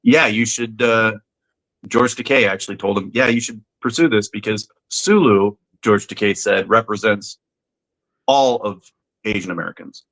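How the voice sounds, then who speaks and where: Bright-voiced man in casual podcast chat. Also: lowish voice, moderate pace, poor audio. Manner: chatty, many fillers and restarts. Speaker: podcast co-host.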